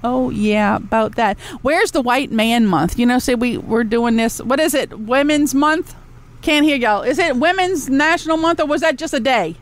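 A woman's voice: high-pitched, moderate pace. A woman hosting a podcast, ranting bluntly and sarcastically with lots of swearing and asides to her chat room. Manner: talks back to a chat room. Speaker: podcast host. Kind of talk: ranting solo podcast talk.

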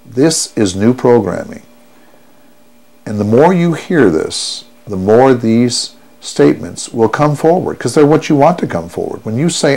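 A man guiding a listener through a hypnosis session, speaking in a soothing, unhurried way and repeating each affirmation. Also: fairly low pitch, lively intonation, warm tone. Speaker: stop-smoking hypnotherapist.

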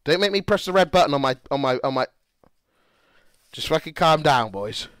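Excitable streamer, lively voice. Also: male voice, a little high, moderate pace, clean tone, no room sound, clean studio sound. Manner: excitable, swearing, shouting and laughing at chat. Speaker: livestreamer. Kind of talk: casual livestream chat to viewers.

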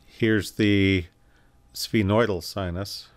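A man giving a recorded anatomy lecture, calmly explaining and pointing through slides with occasional self-corrections. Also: fairly low pitch, slow pace. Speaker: anatomy instructor.

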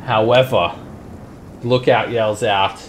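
A man narrating as game master for a tabletop game, casual and halting. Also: fairly low pitch, steady tone, slight background noise.

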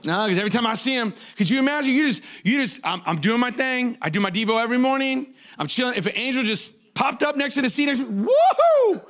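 A man in his forties preaching a sermon as a pastor, telling jokey stories with sudden high-pitched outbursts. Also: expressive, quick pace, hardly any pauses, fairly bright tone.

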